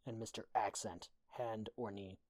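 A man's voice: fairly low pitch, fairly even intonation, measured pace, a little mellow, no room sound, lightly acted. A man voicing a cold, threatening young woman who talks in curt, level threats, read as a storybook audiobook. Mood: menacing.

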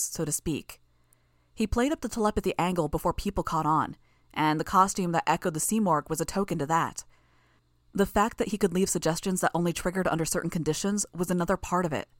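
A woman narrating a first-person audiobook in a steady, even storytelling manner. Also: lowish voice, dry recording, studio quality.

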